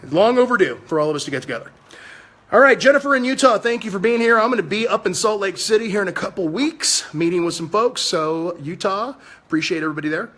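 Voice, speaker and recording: Fiery and combative, this American livestream host preaches about politics. He's a man in his fifties whose high-pitched voice carries a slight brightness.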